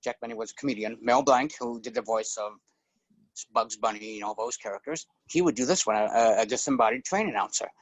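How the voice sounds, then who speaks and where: A man's voice: medium pitch, fairly quick, no room sound, poor audio. A middle-aged man chatting as a guest, telling stories and now and then slipping into character voices. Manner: relaxed storyteller who slips into character voices. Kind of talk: casual chat.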